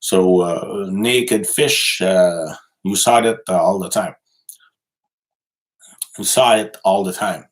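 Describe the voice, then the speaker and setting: A man from Quebec City, a native French speaker, who speaks English with a Quebec French accent. He chats casually on a livestream, answering viewer comments in halting speech full of fillers and restarts. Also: low-pitched. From Quebec City, Canada. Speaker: livestream host and journalist.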